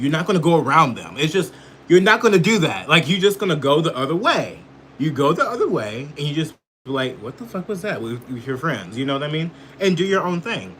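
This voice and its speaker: A man's voice: medium pitch, a bit bright, a little hiss or hum. Profane ranting man commentator. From United States. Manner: heated, profane, heavy filler words. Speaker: political commentator.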